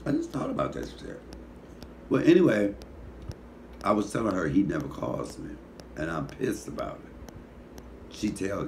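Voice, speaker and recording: A man's voice: low-pitched, wildly swooping pitch, measured pace, creaky, long pauses, darkish tone, a little hiss or hum. A middle-aged man with a Detroit accent, a comedian hosting his cooking show, rambling sleepily with profane comic stories. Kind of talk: casual talk to camera.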